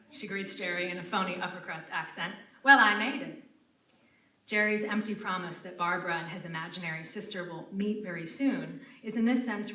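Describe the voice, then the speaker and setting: A woman from Connecticut reading a prepared academic paper aloud to an audience in a university lecture room, with measured, formal delivery. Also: medium pitch, fairly bright tone. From United States (Connecticut). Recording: roomy and distant lecture-room sound.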